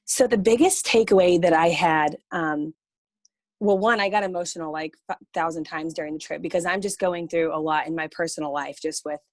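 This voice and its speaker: A woman calling into a video call by phone from work, upbeat and quick, laughing as she talks. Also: fairly low pitch, dry recording. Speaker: team member sharing on a call. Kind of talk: casual group video call. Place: workplace.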